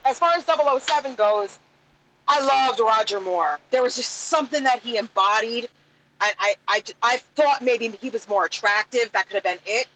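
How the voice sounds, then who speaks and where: A woman co-hosting a casual chat, warm and chatty, laughing easily and searching for words. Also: a little high, moderate pace, a little hiss or hum, poor audio. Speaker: co-host.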